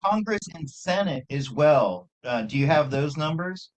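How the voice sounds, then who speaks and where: Slightly high-voiced man asking questions. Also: lively intonation. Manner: hesitant, halting questions. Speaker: questioner in conversation. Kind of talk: casual chat.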